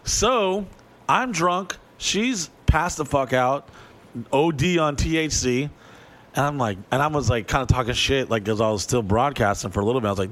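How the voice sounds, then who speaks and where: A man telling a crude, profane story on a podcast, animated and acting out the voices of people in it. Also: mid-range voice, normal speed.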